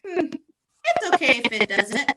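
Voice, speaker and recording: A woman's voice: high-pitched, huge pitch swings, takes it slowly, bright, forceful tone. A woman teacher with a robotic-sounding voice effect, cheerful and going along with the joke. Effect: robotic voice filter.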